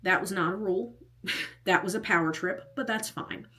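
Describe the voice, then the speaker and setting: A young woman telling a personal story in a casual storytime vlog, lively and often laughing. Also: medium pitch, normal speed. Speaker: vlogger.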